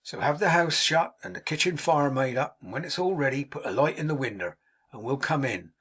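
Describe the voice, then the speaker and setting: A man's voice: a little high, expressive, brisk, a bit bright, breathy edge. A man voicing a cheerful, hearty young manservant with broad country speech, in a storybook reading. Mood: jolly.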